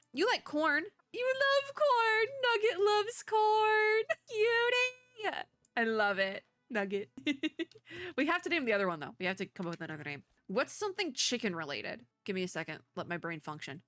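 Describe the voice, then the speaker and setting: A woman's voice: medium pitch, pushed and bright, dry recording, clean studio sound. A young woman chatting casually and giggling as she plays a game and comments aloud. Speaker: gaming content creator. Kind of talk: casual let's-play commentary.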